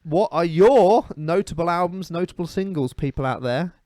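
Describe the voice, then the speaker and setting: A man's voice: on the high side, expressive, normal speed, mellow, dry recording, clean studio sound. A man co-hosting a casual comedy podcast, joking and rambling with fillers and restarts. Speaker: podcast co-host.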